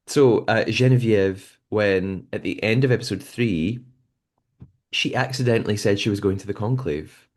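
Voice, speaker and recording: A man hosting a podcast, recapping a show episode in a relaxed conversational way. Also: lowish voice, moderate pace. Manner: conversational recapping with frequent fillers and restarts. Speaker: podcast host.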